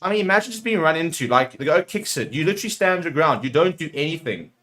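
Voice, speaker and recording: A man's voice: a little high, lively intonation, fast talker, fairly bright tone. A man hosting a rugby watchalong, calling the play live and getting heated with the referee. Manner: partisan play-by-play calls. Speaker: watchalong host.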